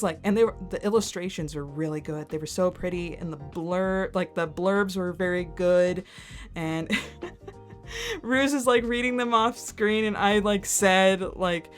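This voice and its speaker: A young adult woman streaming from her computer, chatting casually and excitedly, rambling with lots of fillers and frequent giggles. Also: medium pitch, normal speed, soft background music. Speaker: streamer reacting to content. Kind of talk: casual chat while screen-sharing.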